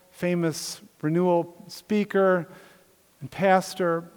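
High-voiced preaching man in reverberant hall. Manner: emphatic preaching that drops to soft, intimate asides. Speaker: pastor. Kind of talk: sermon.

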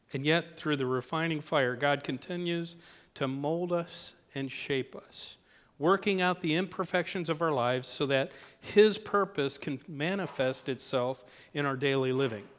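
A man's voice: fairly high pitch, a little slow, a bit bright, in a large hall. A man preaching a sermon as pastor in a church, talking in a conversational way with joking asides.

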